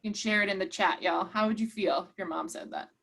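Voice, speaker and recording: A woman's voice: mid-range voice, fairly even intonation, fast talker, creaky, fairly bright tone. A woman leading an online workshop, encouraging and reading out participants' chat replies. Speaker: workshop presenter.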